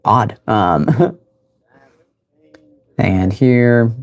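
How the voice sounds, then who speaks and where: A man's voice: mid-range voice, lively intonation, very slow, long pauses, darkish tone. Rambling, laughing young man storyteller. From United States. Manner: rambling, laughs often, many fillers and restarts. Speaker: livestream host. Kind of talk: casual storytelling on a livestream.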